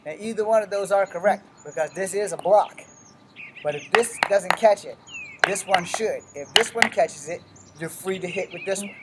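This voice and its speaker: Speaking at a normal speed and medium pitch over a noisy background, this instructor demonstrates weapons techniques casually. He's blunt and profane, swearing often while explaining each drill one step at a time.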